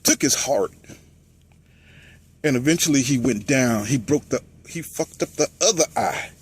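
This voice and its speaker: Husky man in animated boxing talk. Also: medium pitch, measured pace. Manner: animated storytelling, acts out quotes in mocking voices. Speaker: boxing commentator.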